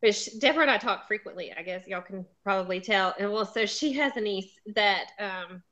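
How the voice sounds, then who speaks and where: A woman's voice: medium pitch, brisk, a bit bright, highs cut off. Giggly Southern woman hosting. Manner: chatty, laughs often. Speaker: host. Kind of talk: casual chat.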